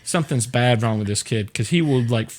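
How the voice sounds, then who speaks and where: A man's voice: medium pitch, fairly quick, a little mellow. Man, host, casual chat, joking, rambling, many fillers. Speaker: show host.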